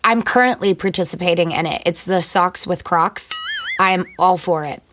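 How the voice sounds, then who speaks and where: A woman, a singer and actor, answering interview questions in a chatty, playful way and firing off quick one-word replies. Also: lowish voice, over music.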